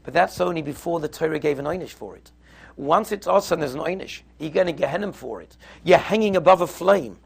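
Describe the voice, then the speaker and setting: A man's voice: fairly high pitch, a little fast, gravelly, slightly rough. A man giving a Torah lesson, explaining texts step by step in a conversational, storytelling way. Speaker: Torah teacher.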